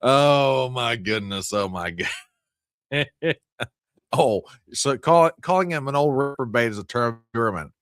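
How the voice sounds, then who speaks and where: A man's voice: mid-range voice, animated, normal speed, fairly bright tone, clear, resonant tone, no echo, clean studio sound. A man hosting a live news stream, joking with his chat in exaggerated mock outrage. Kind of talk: joking livestream commentary.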